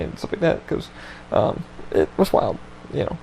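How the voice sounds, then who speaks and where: A man's voice: medium pitch, very animated, fast, gravelly, slight background noise, poor audio. A man hosting a podcast, telling a story in a casual chat with lots of swearing and loose rambling. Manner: profane, laid-back, loose rambling. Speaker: podcast host.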